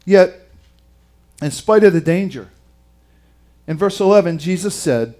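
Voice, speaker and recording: A man preaches in a high voice at an unhurried pace. He reads scripture aloud and retells it dramatically, his delivery swinging from quiet to loud for emphasis. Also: animated. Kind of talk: sermon.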